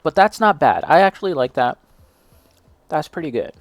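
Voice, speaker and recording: A man's voice: fairly high pitch, big pitch swings, normal speed, no echo. A young man casually chatting as he tastes and reviews snacks, self-deprecating and reacting as he eats. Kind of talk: casual snack tasting chat.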